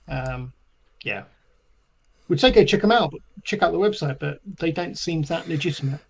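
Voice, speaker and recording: Male host, casual and chatty, lively ups and downs in pitch. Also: creaky, breathy edge, dull audio. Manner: chatty and encouraging, quick reactions. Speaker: podcast host. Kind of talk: casual chat.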